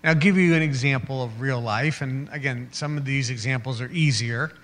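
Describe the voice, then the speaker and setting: Animated man giving a motivational talk. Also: medium pitch, brisk, in a large hall, slight background noise. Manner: acts out little scenes in quoted voices, laughs along. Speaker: motivational speaker.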